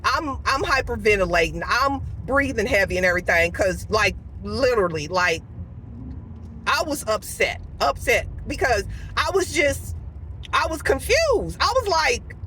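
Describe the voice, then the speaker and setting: A woman telling a story in a casual vlog from her car, lively and dramatic, acting out what everyone said. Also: fairly high pitch, unhurried, slight background noise, rough recording. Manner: animated storytelling, acts out quotes. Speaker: vlogger.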